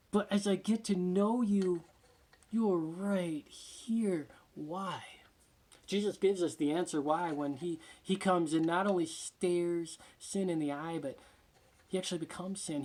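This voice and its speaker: A man preaching a sermon with passion, often sinking to a hushed near-whisper for emphasis and repeating words as he gathers his thoughts. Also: fairly high pitch. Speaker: pastor.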